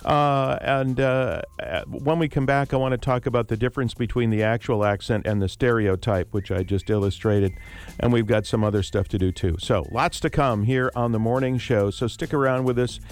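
A man's voice: medium pitch, fairly even intonation, fairly quick, a little mellow. A man hosting a call-in radio talk show, chatting easily with a guest and inviting listeners to call. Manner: friendly, conversational, asks listeners questions. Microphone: studio microphone.

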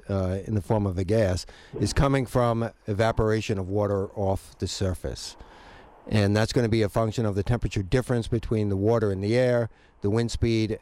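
A man appearing as a guest weather expert on a radio show, explaining in a relaxed, plain way. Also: lowish voice, dry recording.

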